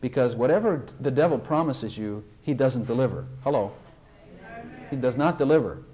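This older man speaks at a normal speed as he preaches a sermon to his congregation. He's emphatic and lively, his pitch rising high whenever he acts out prayers.

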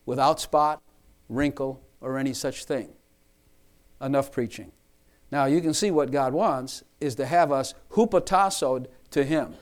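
Emphatic higher-voiced male preacher. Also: darkish tone. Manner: emphatic, repeats and rephrases lines for stress. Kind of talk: sermon.

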